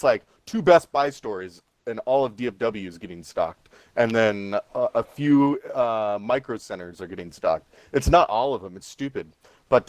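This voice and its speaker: A man co-hosting a podcast in casual chat, joking around with quick asides. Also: on the low side, no room sound. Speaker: podcast co-host.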